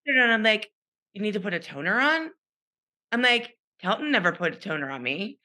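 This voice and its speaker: A middle-aged woman co-hosting a chatty podcast over a video call. Her voice is bright and clear. She tells stories with animation and plays out the voices of people she quotes. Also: medium pitch, very animated, moderate pace. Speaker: podcast co-host. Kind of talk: casual storytelling chat.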